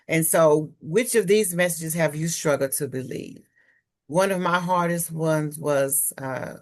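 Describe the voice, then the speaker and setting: Low-voiced woman giving a candid talk. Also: a little slow. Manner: candid, personal, speaks from her own experience. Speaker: presenter on trauma healing. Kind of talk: webinar presentation.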